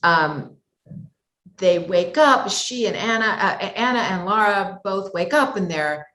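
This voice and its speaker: A woman's voice: mid-range voice, lively intonation, takes it slowly, fairly bright tone, reverberant. A woman voice actor talking as an interview guest, thoughtful and circling back with many asides. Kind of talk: conversational interview talk.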